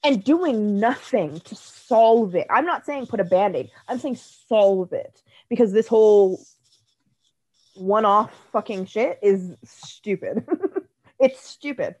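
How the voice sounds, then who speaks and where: A woman talks heatedly on a casual podcast, blunt and sarcastic with plenty of swearing. Her voice sits at an ordinary middle pitch. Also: takes it slowly, darkish tone, rough recording. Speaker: podcast co-host.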